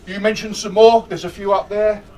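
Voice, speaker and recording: A man's voice: sits high, moderate pace, far from the mic, low-quality recording. A man leading a stress management workshop, joking and chatty and putting questions to his audience. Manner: animated, jokey, chatty, asks the audience questions. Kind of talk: lively interactive workshop talk.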